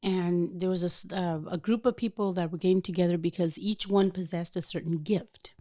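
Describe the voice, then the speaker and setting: Her voice is lowish and her delivery brisk as this woman hosts a podcast. She chats casually, recounting a personal story with animation and voicing its characters.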